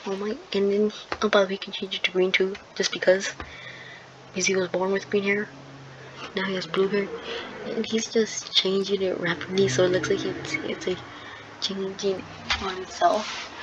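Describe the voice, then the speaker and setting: A woman's voice: medium pitch, flat delivery, normal speed. A woman casually retelling a fan story in a rambling, hesitant way, full of fillers and restarts. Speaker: video creator. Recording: dull lo-fi sound with clear background noise.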